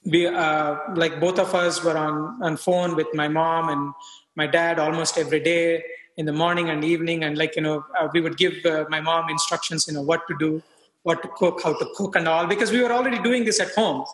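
Man in his 30s, physician guest, high bright voice, halting with fillers, roomy long reverb. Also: fairly even intonation. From India. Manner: halting, many fillers and restarts. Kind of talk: casual interview talk. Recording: echoey room with long reverb.

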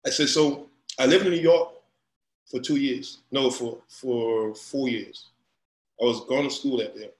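Animated man in an echoey room. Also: medium pitch, a little slow. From Louisiana. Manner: animated, repeats himself, rising into loud storytelling. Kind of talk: casual conversation. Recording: roomy echo.

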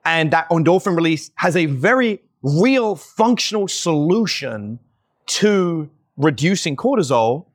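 A man talking as a podcast guest, telling lively stories and acting out the people he quotes, with lots of "like" fillers. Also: on the high side, unhurried. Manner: animated, acts out quoted voices, many "like" fillers. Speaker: podcast guest, dating company owner. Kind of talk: casual conversational storytelling.

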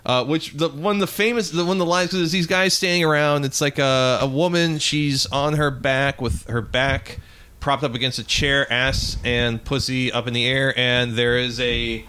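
A man co-hosting a podcast in casual chat; he talks in an animated, profane way and laughs often. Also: mid-range voice, moderate pace, clean tone. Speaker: podcast co-host.

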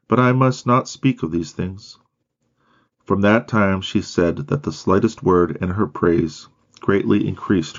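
A man reads a biography aloud in a steady, measured delivery. His voice sits very low with a gravelly fry, and the recording sounds dull and lo-fi. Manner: measured, steady reading with occasional slips. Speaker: audiobook reader.

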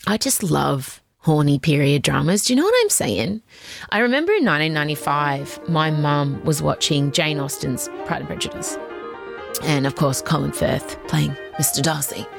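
Rambling Australian woman in her forties, low lively voice. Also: vocal fry, music in the background. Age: 40s. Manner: scattered, rambling, quick tangents and laughter. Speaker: podcast host. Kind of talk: casual chatty podcast intro. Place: small wardrobe at home at night. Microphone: home mic on a video call.

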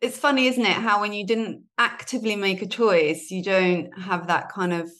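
A woman's voice: mid-range voice, steady tone, moderate pace, fairly bright tone. Lady hosting a chat, upbeat and encouraging, laughs a lot. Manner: enthusiastic, encouraging, laughs often. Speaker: podcast host. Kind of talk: casual interview.

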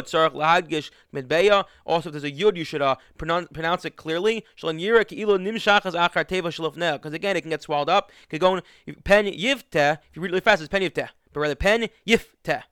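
A man's voice: high voice, pushed and bright, clean tone, no room sound, studio quality. A man teaching a religious text, reading lines aloud and then explaining them in an easygoing way with frequent restarts. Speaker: Torah teacher. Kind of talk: text study lesson.

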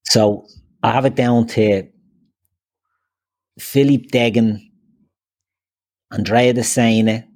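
A man's voice: mid-range voice, steady tone, slow pace, pauses often, a little mellow. A man taking part in a football quiz, thinking aloud and swearing casually. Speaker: quiz contestant. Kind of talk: casual podcast banter.

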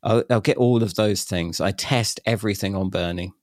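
Low-voiced man telling lively stories. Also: normal speed, dry recording, clean studio sound. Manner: animated, laughs often, acts out quoted voices. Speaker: guest. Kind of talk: casual storytelling chat.

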